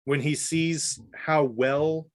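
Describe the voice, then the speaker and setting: A man's voice: a little high, steady tone, takes it slowly. A man co-hosting a podcast in casual chat, rambling eagerly with many restarts. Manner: rambling, restarts, enthusiastic storyteller. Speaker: podcast co-host.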